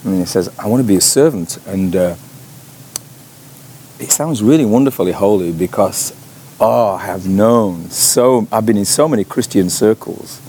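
A man's voice: fairly low pitch, dark tone, a little hiss or hum. A man teaching a Bible class in a chatty way, full of fillers and rhetorical questions. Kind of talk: informal teaching talk.

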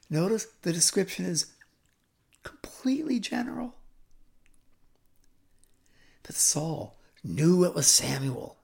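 A man teaching a scripture story dramatically, shifting between loud emphasis and hushed whispers. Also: sits high, sing-song, takes it slowly, creaky, pauses often. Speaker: Bible teacher.

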